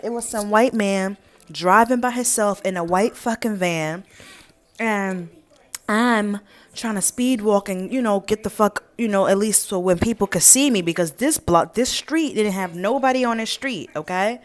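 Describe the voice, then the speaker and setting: A woman's voice: mid-range voice, moderate pace. A young woman telling an emphatic, profane story on her vlog. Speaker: vlogger.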